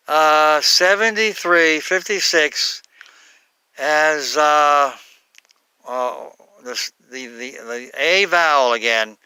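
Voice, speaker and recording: A man giving an unscripted Bible talk, halting, with many fillers and self-corrections. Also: fairly high pitch, pushed and bright, smooth, dry recording. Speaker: Bible teacher.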